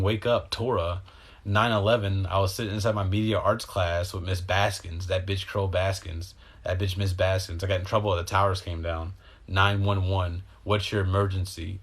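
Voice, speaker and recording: A man's voice: on the low side, a bit bright. A man talking in a meandering, profane, emotional stream of consciousness, in a casual spiritual monologue. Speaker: host.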